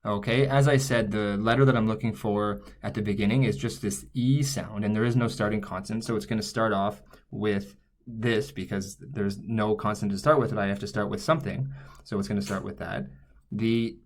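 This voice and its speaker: Writing on screen as he goes, this man teaches a language lesson step by step, thinking aloud and often pausing for self-corrections. He talks a little fast, with a steady tone in a voice on the low side.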